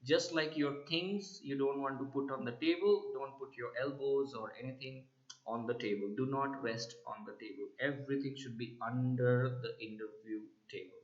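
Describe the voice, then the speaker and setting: A middle-aged man, a soft skills trainer, gives emphatic interview tips to camera and keeps checking in with "right?". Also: medium pitch, fairly even intonation, moderate pace. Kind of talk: instructional talk to camera. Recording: roomy, slightly dull sound.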